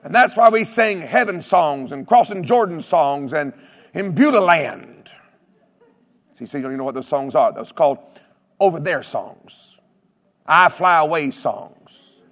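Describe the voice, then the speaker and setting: A man preaching a sermon, telling stories with humor, mimicking other preachers and breaking into shouted exclamations. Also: a little high, unhurried, long pauses, in a large hall. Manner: animated storytelling with shouted exclamations.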